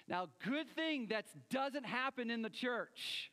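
A man preaching a sermon, animated, acting out quoted voices and swinging between loud and soft. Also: extremely high pitch, takes it slowly, hardly any pauses, long reverb tail. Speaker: pastor.

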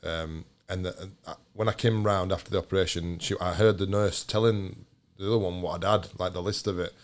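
A man's voice: deep voice, fairly even intonation, brisk. A man telling a blunt, sweary story in casual podcast chat.

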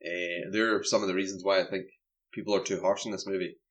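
A man's voice: sits low, flat delivery, quick pace, a bit bright. A man, co-hosting a casual film review chat and animatedly recapping scenes. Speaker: film podcast co-host.

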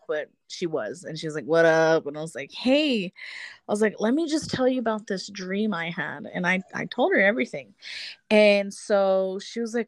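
A woman in her thirties tells a personal story as a guest. She talks in a loose, chatty way, full of fillers and quick laughs. Her voice is close and dry, with no room sound. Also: mid-range voice, no echo. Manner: chatty, many fillers, laughs between thoughts. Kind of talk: casual storytelling.

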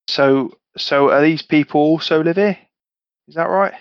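A man playing a tabletop game, talking in character in a blunt, sweary, lively way. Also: on the high side, measured pace, smooth, no room sound, highs cut off. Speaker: player.

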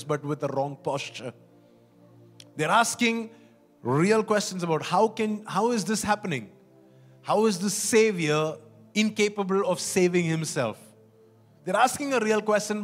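A man's voice: high-pitched, a bit bright. A man preaching a sermon in an earnest, pleading way, often repeating and restarting phrases.

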